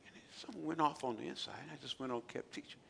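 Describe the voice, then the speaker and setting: A high-voiced male pastor preaches with a bright, gravelly edge, swinging from quiet asides to shouted calls. His voice rings with long reverb through a large church sanctuary. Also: rapid-fire. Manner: acts out quotes with repetition and filler sounds. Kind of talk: sermon.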